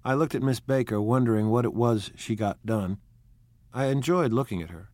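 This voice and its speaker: A man reading a novel aloud in a measured, quietly expressive narration. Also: mid-range voice, no room sound. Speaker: audiobook narrator.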